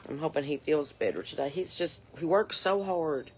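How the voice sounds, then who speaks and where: In her forties, a woman performs a nosy, folksy Southern mom who rambles on with a drawl, improvising a comedy character monologue outdoors on a porch. Her voice sits low and somewhat mellow at a moderate pace, with a bit of hiss or hum in the audio.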